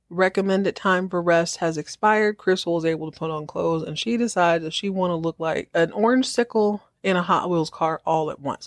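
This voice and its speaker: A woman podcast host gives a casual show recap, animated and full of jokes. Her voice sits on the low side, and the recording is dry and close to the mic. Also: no room sound. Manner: animated, joking storyteller.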